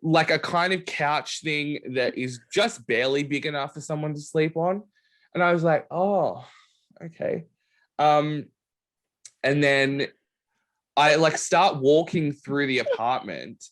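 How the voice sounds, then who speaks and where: A man hosting a podcast, telling a story in casual chat with animated delivery. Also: unhurried. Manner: animated storytelling, lively pitch swings. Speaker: podcast host.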